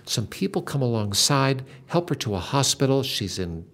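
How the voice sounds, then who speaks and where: A man's voice: medium pitch, big pitch swings, normal speed, fairly bright tone. An older man hosting a Christian talk, earnestly retelling a story with dramatic emphasis. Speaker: Christian podcast host.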